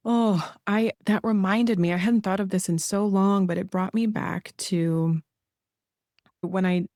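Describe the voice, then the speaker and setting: A woman's voice: mid-range voice, fairly even intonation, measured pace, mellow, no echo, clean studio sound. A woman hosting a podcast who responds to her guest in a reflective, thoughtful way. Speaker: podcast host. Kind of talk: reflective interview talk.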